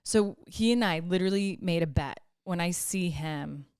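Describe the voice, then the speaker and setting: A woman co-hosting a podcast, telling stories in a lively, laughing way and acting out dialogue. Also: on the low side, normal speed, clean tone, no echo, clean studio sound. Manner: animated storytelling, frequent laughs and quoted dialogue. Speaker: podcast co-host. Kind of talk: casual chat.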